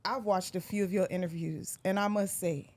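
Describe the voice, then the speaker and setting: A woman's voice: fairly low pitch, steady tone, moderate pace, darkish tone. A woman hosting a podcast interview in a playful, teasing manner. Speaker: podcast host.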